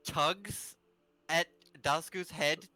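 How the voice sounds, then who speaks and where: A man's voice: a little high, extremely slow, sharp tone, dry recording, low-quality recording. A man running a tabletop game as its game master, narrating in a laid-back, chuckling way over a voice call. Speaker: dungeon master.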